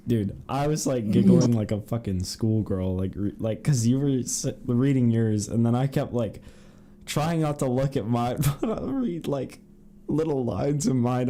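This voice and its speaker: A man's voice: mid-range voice, dark tone. A man co-hosting a podcast, chatting casually and reading fanfiction aloud, rambling and giggly. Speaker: podcast co-host.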